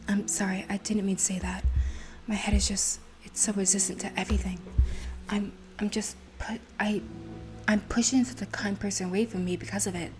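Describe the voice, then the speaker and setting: A woman voicing a shy, anxious young woman in a soft, hesitant whispered role-play, with faint game music behind. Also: on the high side, steady tone, normal speed, lightly acted. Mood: timid, whispered.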